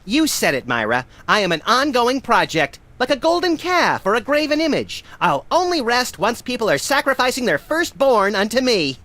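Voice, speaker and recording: A woman's voice: a little high, big pitch swings, moderate pace, few pauses, a bit bright. A performer voicing a vain, manic little male rabbit-like creature who talks brashly about himself in a game. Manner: brash, self-important, sardonic.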